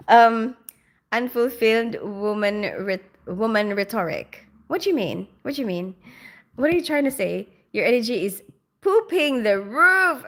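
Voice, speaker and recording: Bright and forceful, with a fairly high pitch, this woman in her forties runs a relaxed livestream. She grew up in the Philippines and chats with viewers over their comments, frequently breaking into laughter.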